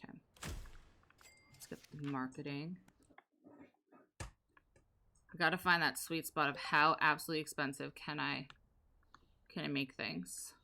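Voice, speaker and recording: A young woman streams a game live, riffing on it in a sarcastic, joking way. Her voice sits on the lower side but has a bright, forceful edge. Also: fairly even intonation, unhurried, creaky, pauses often. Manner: sarcastic, joking banter with chat. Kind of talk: casual live gameplay commentary.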